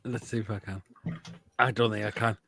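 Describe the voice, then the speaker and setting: A man's voice: on the low side, steady tone, a little fast, gravelly, a bit bright, no room sound. A man hosting a live football chat show, bantering casually with guests over a video call and swearing freely.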